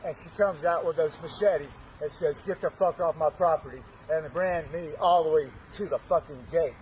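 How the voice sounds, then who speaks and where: A man's voice: a little high, normal speed, a little mellow, slight background noise, poor audio. A man outdoors, agitatedly retelling events to police, swearing and stumbling over his words. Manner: agitated, profane, stumbling restarts. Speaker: witness. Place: outdoors on a street. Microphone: officer's bodycam.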